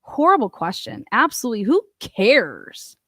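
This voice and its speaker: A woman's voice: on the high side, wildly swooping pitch, moderate pace, a bit bright, dry recording, clean studio sound. Blunt, foul-mouthed woman host. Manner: blunt, profane, mocking. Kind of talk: casual commentary on news clips.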